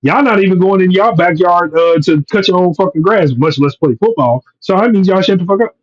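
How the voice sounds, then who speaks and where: A man co-hosting a casual sports podcast, ranting loudly and profanely about his team. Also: high voice, fairly quick, lo-fi sound, a little hiss or hum. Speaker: podcast co-host.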